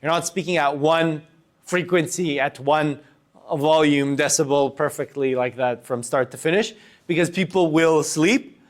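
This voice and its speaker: Young guy w a highish voice teaching a speaking workshop to a room, animated, plays with loud and soft. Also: unhurried. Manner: animated, varies loudness and pace for demonstration. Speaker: workshop instructor. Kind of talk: public speaking lesson to a student group. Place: room with a live audience.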